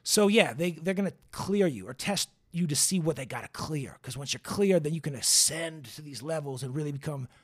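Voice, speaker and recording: A young man hosting a podcast, telling a story off the cuff in a loose, profane, animated way. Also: fairly high pitch, brisk, hardly any pauses, husky. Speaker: podcast host. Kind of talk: casual storytelling.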